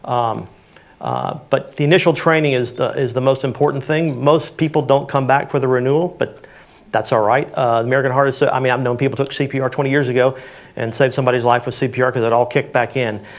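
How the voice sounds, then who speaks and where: A man's voice: mid-range voice, steady tone, quick pace. A man answering audience questions on CPR in a community panel, practical and plain-spoken with frequent fillers.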